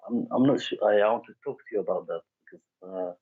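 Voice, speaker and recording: Halting male caller, low and husky, over a tinny phone line. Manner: hesitant, halting, many fillers. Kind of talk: phone call.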